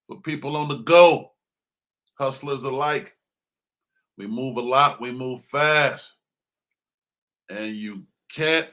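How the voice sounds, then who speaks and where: A man's voice: mid-range voice, a bit bright. Hyped man hosting a morning show. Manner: hyped, fast talk switching to laid-back chat. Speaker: podcast host.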